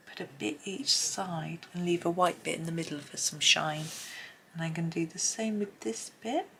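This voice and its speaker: A woman hosting a colouring tutorial, chatting as she works and often dropping to a soft near-whisper. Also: on the low side, slight background noise. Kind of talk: relaxed colouring tutorial narration.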